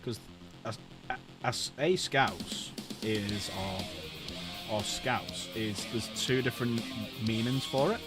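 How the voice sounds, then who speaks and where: Chatty streamer, guitar behind. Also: male voice, medium pitch, takes it slowly. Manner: chatty and jokey, repeats phrases. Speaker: streamer host. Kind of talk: casual live-stream chat.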